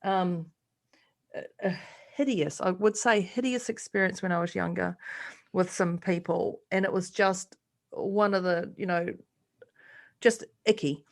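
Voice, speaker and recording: A woman's voice: lowish voice, a little slow, creaky. A woman co-hosting a podcast in casual chat, telling stories and acting out the voices she quotes. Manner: animated storyteller, acts out quoted voices. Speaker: podcast co-host.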